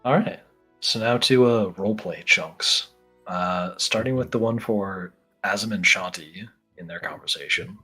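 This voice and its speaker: A man's voice: low voice, unhurried, sharp tone, husky, soft background music. A man running a tabletop role-playing game as game master, speaking briefly and matter-of-factly.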